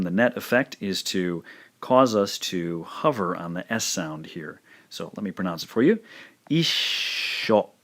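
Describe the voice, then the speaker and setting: A man teaching a language lesson, demonstrating pronunciation slowly and repeating each word several times. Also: lowish voice. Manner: slow, careful demonstrations with repeated words. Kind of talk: scripted lesson narration.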